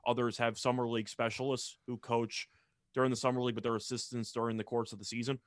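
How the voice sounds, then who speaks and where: A young man co-hosting a sports talk show, measured and analytical in his takes. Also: medium pitch, little pitch movement, no echo, studio quality.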